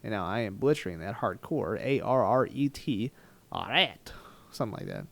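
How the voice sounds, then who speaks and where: Animated, rambling man telling a travel story. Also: fairly low pitch, a little fast, creaky. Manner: animated, rambling and self-mocking. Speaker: travel vlogger. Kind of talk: storytime vlog narration.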